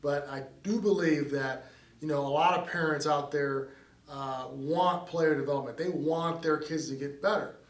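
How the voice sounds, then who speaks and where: A middle-aged man speaks as a baseball coach, earnest and conversational, with plenty of fillers and restarts. His voice sits a bit high. The sound is roomy and comes from a distance. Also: fairly even intonation, moderate pace. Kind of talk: direct-to-camera advice talk.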